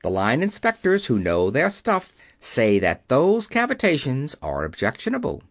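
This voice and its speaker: A man reads a commanding chief engineer with a quiet, carrying authority. His pitch moves a lot as he lays down the law. The sound is dry and close. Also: huge pitch swings, normal speed, dry recording.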